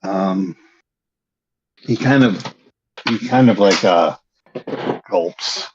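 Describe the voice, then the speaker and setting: A man narrating a tabletop game as game master, in a hesitant way with frequent pauses and restarts. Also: deep voice, noisy background. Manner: hesitant, lots of ums and restarts. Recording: dull lo-fi recording.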